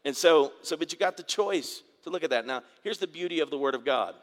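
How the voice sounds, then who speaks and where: A man's voice: fairly high pitch, animated, brisk. Man preaching in a reverberant hall. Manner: conversational preaching with asides and audience call-outs. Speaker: pastor. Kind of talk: sermon.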